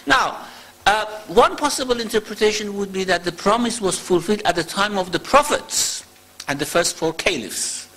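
Man lecturing on scripture, bright forceful voice. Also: sits high, expressive, rough recording. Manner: explains slowly, recites Arabic verses in quick chant. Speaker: Islamic lecturer. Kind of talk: religious lecture on Quranic verses.

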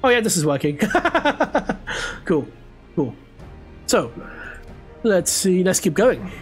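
A young man streaming a game, chatting casually with viewers and reacting excitedly as he plays. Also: sits high, takes it slowly, faint music behind. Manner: chatty, excitable, talks to chat while playing. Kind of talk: casual live gameplay commentary.

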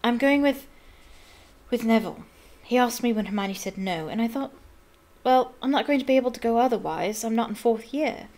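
A woman voicing a quiet, frank younger teenage girl in a read-aloud. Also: a little high, moderate pace, lightly acted.

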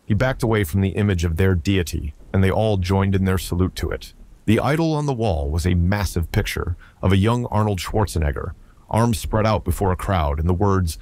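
Deep-voiced male story narrator. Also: a little fast, a little mellow. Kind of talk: scripted narration.

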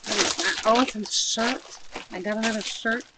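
A woman's voice: mid-range voice, normal speed, very noisy. A woman chatting casually while unboxing a shopping haul at home, gushing and thinking aloud as she unpacks. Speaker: haul vlogger.

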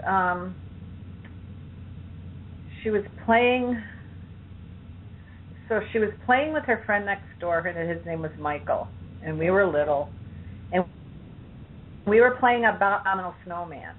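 A woman client hesitantly recounting a childhood memory, with pauses and fillers. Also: mid-range voice, slight background noise. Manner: hesitant, halting, many fillers. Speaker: client in a demo session. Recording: tinny phone line.

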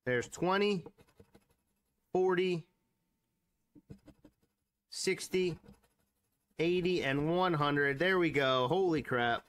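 A man's voice: fairly high pitch, very slow, pauses often, a bit bright, clean tone. A man hosting a scratch-off ticket channel, commenting casually and exclaiming as he counts numbers aloud. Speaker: lottery scratch-off channel host.

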